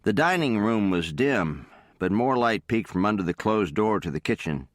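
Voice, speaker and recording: Deep calm guy reading a love story, super dry close mic. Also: moderate pace, no echo. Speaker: audiobook narrator. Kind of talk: scripted narration.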